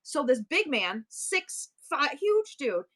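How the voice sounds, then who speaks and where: A woman's voice: sits high, takes it slowly. Chatty middle-aged woman, rambling storyteller. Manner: animated, rambling storyteller with many asides and restarts. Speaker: live-stream seller and host. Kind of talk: casual storytelling chat.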